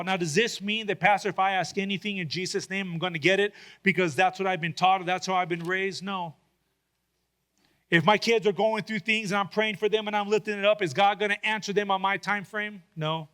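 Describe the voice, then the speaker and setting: A man's voice: high voice, fairly bright tone. A male pastor preaching a sermon, retelling a story with dramatic acted-out voices.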